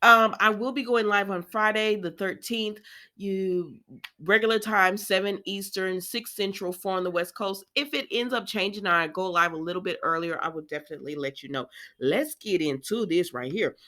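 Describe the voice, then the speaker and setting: A woman hosting a casual, animated recap chat, talking easily and laughing often. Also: medium pitch, moderate pace. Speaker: soap opera recap host.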